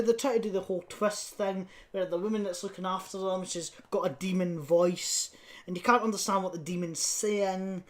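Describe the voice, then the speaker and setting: Podcast co-host, woman, mid-range pitch, casual cursing film critic, often laughing. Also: darkish tone. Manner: blunt, scathing, laughing often; swears casually. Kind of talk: casual film review chat.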